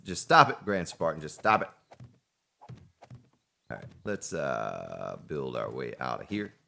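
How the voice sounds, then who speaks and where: A man with a very low voice talks through his game in loose, casual commentary. He rambles and often addresses himself as he works. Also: very animated, unhurried, vocal fry, pushed and bright, a little hiss or hum. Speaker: gaming let's play host.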